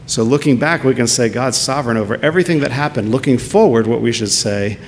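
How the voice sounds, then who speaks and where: A man preaching a sermon as pastor, earnest and full of rhetorical questions. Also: fast. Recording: long hall reverb with faint rumble.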